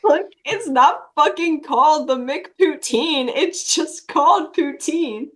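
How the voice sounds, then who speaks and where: A woman's voice: high voice, lively intonation, slow pace, a bit bright. A young adult woman, a touring musician guest, telling road stories in casual chat, laughing often and swearing freely.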